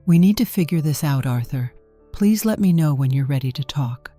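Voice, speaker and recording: A woman voicing a worried but determined wife who speaks gently and firmly. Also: low voice, animated, normal speed, soft background music. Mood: pleading.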